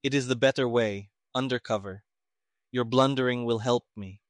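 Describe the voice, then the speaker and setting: A man's voice: mid-range voice, moderate pace, no room sound, clean studio sound, close to an everyday voice. A man doing a toneless, cool young detective. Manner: flat, toneless, clipped. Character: calm toneless young male civilian detective.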